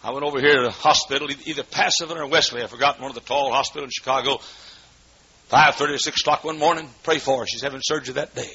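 A man preaching a sermon as pastor in a church, swinging between shouted fervor and hushed storytelling. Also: medium pitch, fairly even intonation, very fast, husky. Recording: dull lo-fi recording with faint noise.

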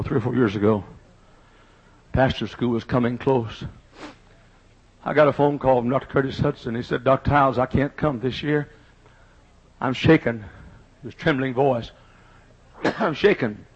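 A middle-aged man preaches a revival sermon, his voice husky and a little rough. He builds into shouted, rising phrases. The recording sounds dull and lo-fi. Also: medium pitch, steady tone, moderate pace, long pauses. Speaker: pastor.

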